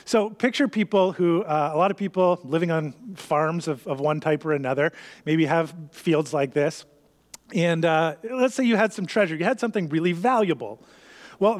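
High-voiced man preaching in a reverberant hall. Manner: conversational, acts out parable characters' thoughts. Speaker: pastor. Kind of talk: sermon.

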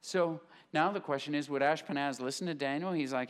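A man's voice: fairly high pitch, brisk, few pauses. A man preaching a sermon to a congregation, telling a Bible story and acting out its characters in casual modern voices. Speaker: pastor. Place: church sanctuary, live congregation.

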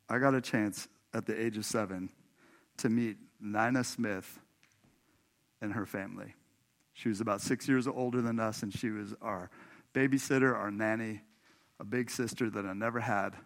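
Storytelling pastor from Washington state. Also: male voice, mid-range voice, a bit bright. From Washington state, USA. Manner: conversational, laughs often, addresses congregation directly. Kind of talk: sermon with personal storytelling. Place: church sanctuary.

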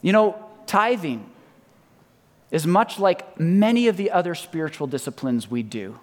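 A man preaching a sermon as pastor, emphatic, repeating key lines and dropping to soft, quiet endings. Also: fairly high pitch, lively intonation, a little slow. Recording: long reverb of a large hall.

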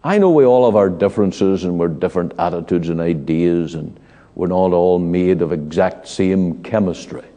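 A man preaching an evening sermon in a church, slow and emphatic with dramatic pauses. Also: deep voice, warm tone. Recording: long church hall reverb.

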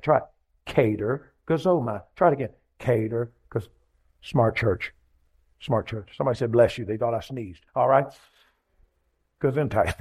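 A male pastor preaches in a rhythmic, rolling cadence. His voice sits somewhat high for a man. He keeps calling on the congregation to answer back. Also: a little mellow. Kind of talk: sermon.

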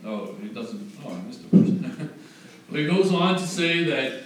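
Speaking at a measured pace, a pastor with an expressive, higher-leaning voice gives a chatty sermon full of self-corrections that swell into emphatic rhetorical questions. Faint noise, a far-off microphone, and strong room echo color the audio.

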